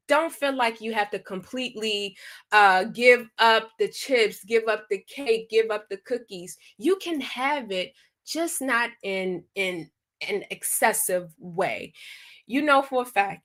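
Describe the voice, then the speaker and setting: A woman leads a live online wellness workshop at an unhurried pace. Her voice is bright and pressed. She is chatty and encouraging as she reads out what people type in the chat. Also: a little high.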